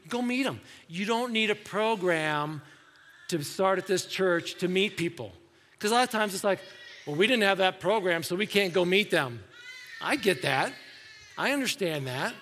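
A man's voice: sits high, fairly bright tone, slight background noise. A man preaching a sermon as pastor, talking to the congregation in a conversational way and acting out the voices he quotes. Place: church sanctuary. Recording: echoey church hall.

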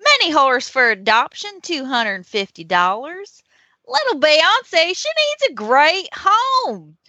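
A woman's voice: high-pitched, big pitch swings, takes it slowly, pushed and bright, dry recording, lo-fi sound, pitched above the performer's own voice, exaggerated voice. A woman putting on a drawling Southern lady. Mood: folksy. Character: folksy Southern woman reading a horse ad.

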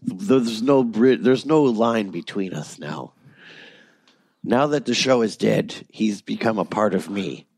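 A man's voice: on the low side, animated, slow pace, a little mellow, husky, dry recording. A man, a voice actor, chatting loosely in an interview, rambling and joking with frequent restarts. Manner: rambling, jokey, many restarts. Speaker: voice actor guest. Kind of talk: casual interview chat.

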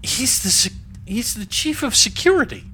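Lively, bright-voiced man playing stern officer. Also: very high voice, normal speed, slight background noise. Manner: stern mock-officer, exasperated lecturing. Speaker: improv comedy podcaster. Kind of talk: improvised sci-fi comedy role-play.

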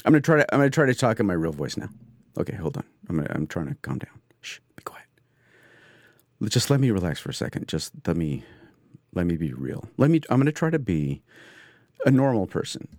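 An excitable man hosts his podcast in a rambling comedic monologue. His pitch swoops and jumps all over, and his voice sits in a dry, close studio sound. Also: fast, dry recording. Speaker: podcast host. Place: home studio.

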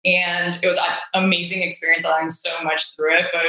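Chatty woman with a bright voice in a roomy space. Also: fairly low pitch, level tone, a little fast. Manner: chatty, frequent "right?" and "like", laughs easily. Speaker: podcast guest, strategy director. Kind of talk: casual interview conversation.

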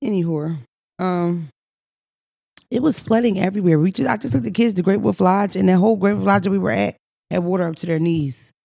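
A woman with a Philadelphia accent runs a casual comedy podcast, swearing freely and telling stories with big energy. Her voice has a gravelly, fry-laced texture. The sound is close and dry, with no room around it. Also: medium pitch, brisk, no echo. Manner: brash, profane, animated storytelling. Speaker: podcast host.

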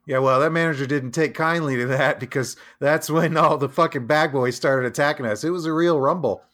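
A man's voice: fairly high pitch, a little fast, fairly bright tone. A man co-hosting a comedy podcast, speaking in a laid-back, crude, mock-serious way. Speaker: podcast co-host. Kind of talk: comedic banter.

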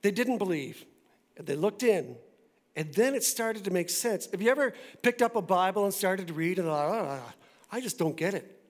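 A male pastor giving a sermon in a church, talking in a conversational, animated way with quick asides. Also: high-pitched.

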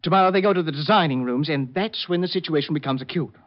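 An actor playing a brisk, businesslike hat designer giving instructions, in 1940s radio acting from a muffled old broadcast. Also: male voice, on the high side, natural voice.

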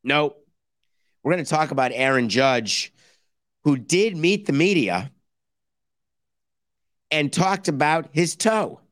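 A man hosting a sports podcast, delivering a sarcastic, animated monologue and mock-quoting other people. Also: on the high side, slow pace, long pauses, no echo, clean studio sound. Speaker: podcast host. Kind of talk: opinionated sports talk monologue.

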